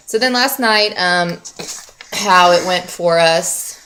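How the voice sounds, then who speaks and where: Young mom rambling to camera, lots of ums, lowish voice, faint hiss behind. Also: female voice, very slow, pushed and bright. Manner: chatty, rambling, many fillers. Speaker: mom vlogger. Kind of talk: casual chat to camera.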